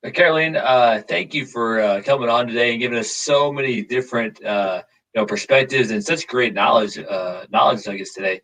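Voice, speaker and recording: A man's voice: medium pitch, a little fast, a bit bright, rough recording. A man from the American Midwest who hosts a podcast, friendly and heavy on fillers. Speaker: podcast host. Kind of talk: casual podcast hosting.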